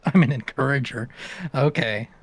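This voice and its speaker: A man's voice: mid-range voice, normal speed, husky, dry recording. A man from the American South, chatting and teasing casually on a live stream, laughing often.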